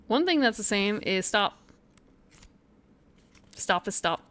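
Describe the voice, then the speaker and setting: A woman's voice: medium pitch, sing-song, slow pace, long pauses, a bit bright. A woman streamer chatting casually on a live stream, thinking aloud, muttering to herself and sounding out foreign phrases.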